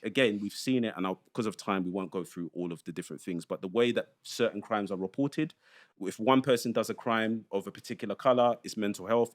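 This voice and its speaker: A man from London's East End, giving emphatic explanations in a panel discussion and building his points step by step. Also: fairly low pitch. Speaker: panel guest, education commentator.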